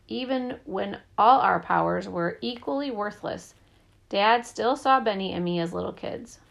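A woman narrating a children's story in the first person, lively and brisk. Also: medium pitch, gravelly. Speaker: audiobook narrator.

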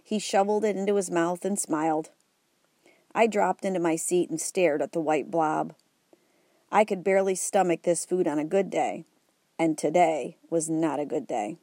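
A woman narrating an audiobook in a wry, even storytelling way. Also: fairly low pitch, normal speed, no echo, studio quality.

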